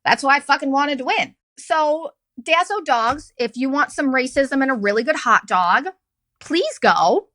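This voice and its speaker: High-voiced woman telling a profane story. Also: measured pace, poor audio. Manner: sarcastic, profane, animated storytelling. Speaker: podcast host. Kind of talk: casual storytelling monologue.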